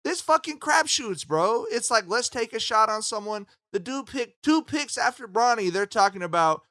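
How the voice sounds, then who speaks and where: Bright-voiced man, profane sports podcast talk. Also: very high-pitched, lively intonation, normal speed, dry recording, studio quality. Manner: profane, emphatic, storytelling. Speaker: podcast co-host. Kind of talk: casual sports chat.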